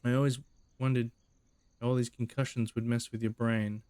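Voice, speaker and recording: A man's voice: mid-range voice, level tone, normal speed, mellow, smooth, no echo. A young man joking and laughing as he comments on a game he plays. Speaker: streamer. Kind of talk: let's play commentary.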